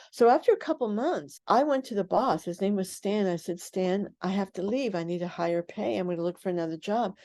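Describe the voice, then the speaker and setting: An older woman who is a guest on a radio interview, recounting her past in an animated way and acting out the voices of people she quotes. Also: mid-range voice, brisk, few pauses. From United States.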